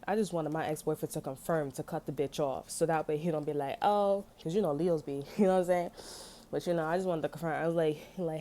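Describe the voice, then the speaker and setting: A woman's voice: low-pitched, fast talker, dark tone. Slangy, laughing tarot reader woman. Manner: loose, slangy storytelling, laughs often. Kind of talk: casual tarot reading with personal stories.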